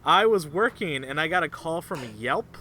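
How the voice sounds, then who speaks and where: Lively high-pitched male podcast co-host. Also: moderate pace, a little hiss or hum. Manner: animated storytelling, acting out quotes, laughing often. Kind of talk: casual comedic chat.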